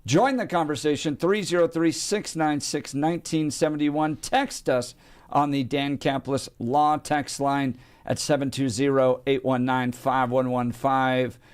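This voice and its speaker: A man hosting a talk radio show in a studio, reading listener texts aloud in a brisk announcer manner. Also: medium pitch, steady tone, smooth.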